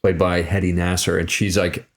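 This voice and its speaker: A man's voice: low-pitched, normal speed. A young man from Ohio, an actor and violinist, telling stories in a casual interview and acting out quotes. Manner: animated, acts out quotes in raised voices.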